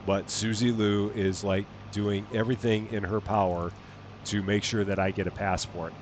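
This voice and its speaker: A man's voice: on the low side, flat delivery, normal speed, background noise. A man with a chatty, amused manner, chatting casually with his live-stream audience and laughing often. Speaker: game streamer reading chat.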